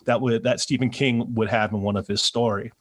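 A man's voice: mid-range voice, steady tone, fairly quick. A man chatting casually as a podcast co-host, his voice sitting in a middle register. He rambles through his points with plenty of restarts and self-mocking asides. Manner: rambling, self-deprecating, frequent restarts and fillers. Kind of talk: casual chat.

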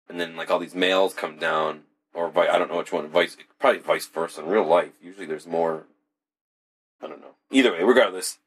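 A man's voice: low voice, husky. A young man co-hosting a podcast in casual, rambling, profane chat. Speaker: podcast co-host.

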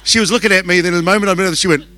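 A man with a New Zealand accent preaching a conference sermon, fast and conversational, joking with the crowd as he goes. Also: high voice, steady tone, sharp tone. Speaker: pastor. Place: church auditorium. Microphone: handheld microphone.

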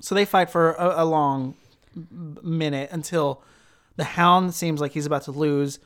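A woman's voice: deep voice, fairly even intonation, a little slow. A woman co-hosting a casual chat, explaining plot in detail and laughing often. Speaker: podcast co-host. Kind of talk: casual chat recapping a show.

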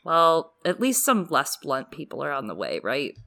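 A low-pitched woman recapping a book chapter in a loose podcast chat. She is blunt and jokey and swears freely. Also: wildly swooping pitch, moderate pace, sharp tone. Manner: blunt, profane, joking. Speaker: podcast co-host. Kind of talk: casual book discussion.

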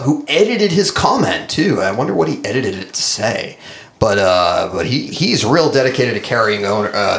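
A man's voice: medium pitch, creaky, fairly bright tone. A man co-hosting a casual chat, reading comments aloud with sarcastic, mocking asides. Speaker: podcast co-host.

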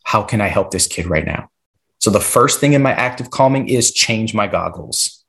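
Man, podcast guest, lower voice, explanatory coaching delivery with rhetorical check-ins. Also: lively intonation, moderate pace, creaky, fairly bright tone. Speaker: podcast guest, classroom behavior expert.

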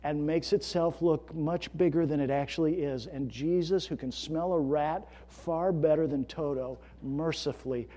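Man, pastor, sermon, earnest, emphatic storyteller, fairly high voice. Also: normal speed, hardly any pauses, in a large hall. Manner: earnest, rising to emphatic storytelling then hushed.

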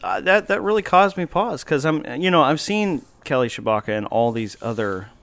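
Smooth-voiced man hosting a casual chat. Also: fairly high pitch, expressive, moderate pace, a bit bright, no room sound. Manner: rambling, with frequent fillers and wry asides. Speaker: podcast host. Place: coffee shop.

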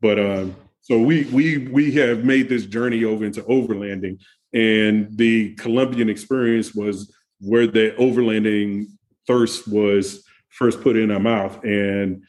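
Low-voiced laid-back storytelling man. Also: steady tone, a little slow, a little mellow. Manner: laid-back storyteller, laughs often, restarts sentences. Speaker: guest. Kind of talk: casual conversation.

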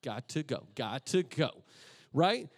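A middle-aged man, a pastor preaching a sermon as a lively story and acting out the voices of the people in it. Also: mid-range voice, slow pace, no echo, clean studio sound. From Texas. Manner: animated, acts out voices of friends and himself.

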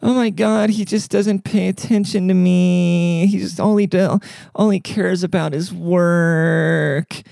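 A man voicing a whiny, complaining housewife in a mocking falsetto. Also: steady tone, slow pace, vocal fry, a little mellow, no echo, exaggerated voice.

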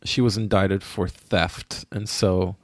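An American man co-hosts a podcast in a chatty, gossipy manner, his lowish voice leaping upward whenever something excites him. The sound is dry and close, with no room around it. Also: takes it slowly, no room sound. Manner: chatty, gossipy, pitch jumps up when excited. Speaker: podcast co-host. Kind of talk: casual chat.

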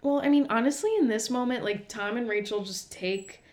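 A woman's voice: fairly high pitch, brisk, a little mellow. A young woman chatting as co-host of a recap podcast. She talks in loose run-on sentences packed with "like," building on her partner's points in an easygoing way. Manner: chatty, lots of "like" fillers, laughs along. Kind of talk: casual recap chat.

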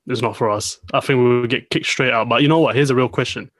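Young co-host, playful banter, mid-pitched, dry close sound. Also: male voice, fast talker, a bit bright, dry recording. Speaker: podcast co-host. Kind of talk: casual chat.

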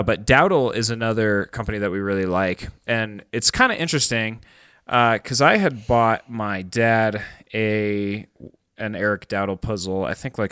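A man's voice: lowish voice, a bit bright, smooth, no echo. A man co-hosting a podcast, chatting casually in a rambling way with lots of fillers. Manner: rambling, filler-heavy, enthusiastic. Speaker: podcast co-host.

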